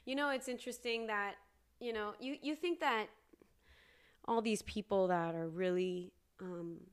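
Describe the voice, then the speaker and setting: A young woman talks through her own podcast in an unhurried, earnest way, lingering over her words. She often jumps up into high, emphatic bursts before settling back down. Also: clean tone. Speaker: podcast host. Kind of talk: casual solo podcast talk.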